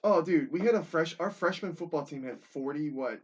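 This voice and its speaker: Young guy with a high voice telling stories all fired up, cussing a lot, kinda muffled audio. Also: fairly quick. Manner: animated storyteller, swears a lot, acts out quotes. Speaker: podcast host. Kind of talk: casual chat.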